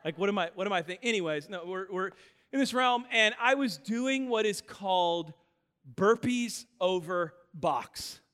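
A man in his thirties preaching a sermon in a church auditorium, telling stories in an animated way with self-deprecating humor. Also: high voice, normal speed, clean tone, big-room sound. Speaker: pastor.

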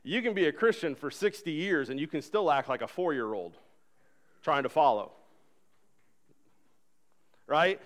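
A man in his thirties preaching a sermon in a church, conversational and animated, acting out little dialogues. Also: a little high, measured pace, pauses often. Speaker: pastor. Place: church sanctuary.

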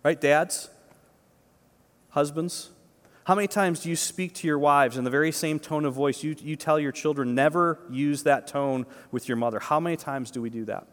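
A man's voice: a little high, normal speed. A male pastor giving a conversational sermon, emphatic, with repeated words and frequent "right?" asides. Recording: long reverb of a large hall.

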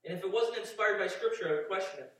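A pastor with a high-pitched, fast, slightly bright voice reads scripture and then builds to fervent emphasis through repeated phrases. He is recorded from a distance in an echoey hall.

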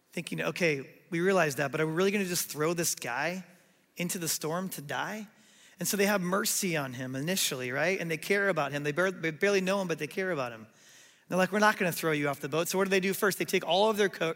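A man preaching a sermon in a sanctuary, his voice pitched high with a gravelly edge. He tells the story with animated delivery and acts out what people said, and long reverb trails after him. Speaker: pastor.

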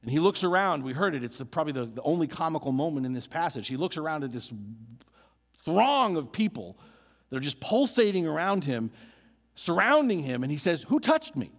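Animated male preacher in a reverberant hall. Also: on the high side, fairly quick. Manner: animated, building emphasis with repeated phrases. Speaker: pastor. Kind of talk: sermon.

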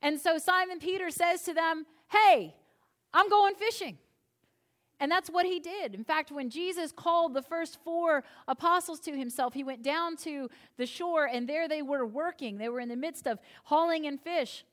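A high-pitched woman preaches a sermon as the pastor. She tells the story playfully and acts out the voices with humor. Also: moderate pace, hardly any pauses, a bit bright.

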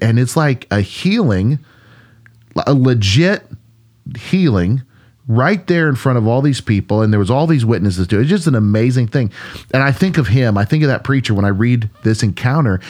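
A man's voice: mid-range voice, expressive, moderate pace, darkish tone. A man, a pastor co-hosting a podcast, retelling a Bible story in an earnest, musing conversational way, with frequent restarts.

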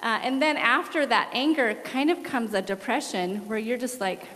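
A woman in her forties, a missionary guest, giving an earnest and animated testimony with laughs during a church service. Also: fairly high pitch, moderate pace. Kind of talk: candid testimony in an interview. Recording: long hall reverb.

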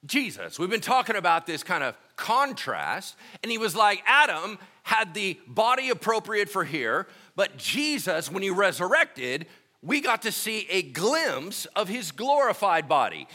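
A man preaching a sermon in a relaxed, conversational way, reading scripture and retelling stories with lively asides. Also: high voice, a little slow. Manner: conversational and animated, acting out scenes. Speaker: pastor.

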